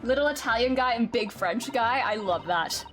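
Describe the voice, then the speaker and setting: A woman's voice: fairly high pitch, animated, normal speed, a bit bright, faint music behind. A woman streamer giving playful, giggly commentary while playing a game. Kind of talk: let's play commentary.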